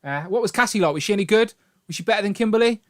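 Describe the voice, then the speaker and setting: Chatty male live-stream host, slightly higher voice, jokey, reads chat aloud. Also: animated, very fast.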